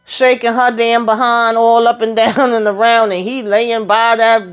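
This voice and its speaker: A woman hosting a casual reality TV recap, animated and sassy, acting out what the cast members said. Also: a little high, measured pace, clear, resonant tone.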